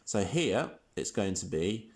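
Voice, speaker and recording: Deep-voiced male teacher explaining slowly. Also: big pitch swings, a little mellow. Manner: clear step-by-step explaining. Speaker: primary school teacher. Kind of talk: recorded online lesson.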